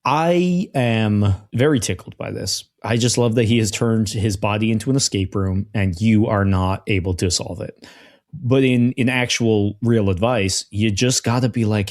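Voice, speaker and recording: A man's voice: fairly low pitch, normal speed, darkish tone. A man co-hosting a podcast, chatting casually and riffing amused jokey advice. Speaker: podcast co-host. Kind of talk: casual chat.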